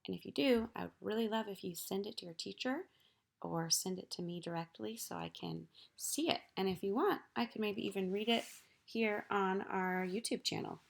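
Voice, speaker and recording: Gravelly-voiced teacher woman reading to kids. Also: mid-range voice, moderate pace. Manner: gentle, encouraging, talking to children. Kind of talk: reading poems aloud to students.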